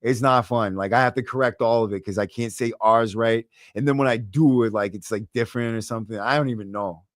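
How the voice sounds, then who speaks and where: A man's voice: medium pitch, brisk, no echo. A young Boston man talks straight into a close, dry podcast mic, brash and loose. He swears freely and throws in streetwise slang as he answers his viewers. His voice sits in an ordinary middle range. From Massachusetts. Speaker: livestream podcast host. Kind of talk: casual livestream chat reading comments.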